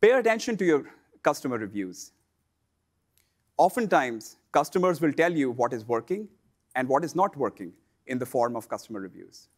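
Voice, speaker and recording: A man presenting a scripted instructional lesson for online sellers, in a measured, explanatory delivery. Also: mid-range voice, big pitch swings.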